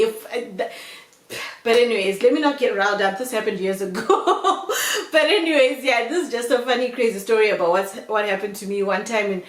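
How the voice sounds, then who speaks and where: A young woman vlogger telling a storytime tale in an animated way, often calling her viewers "guys". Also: on the high side, normal speed. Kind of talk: storytime vlog. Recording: roomy echo.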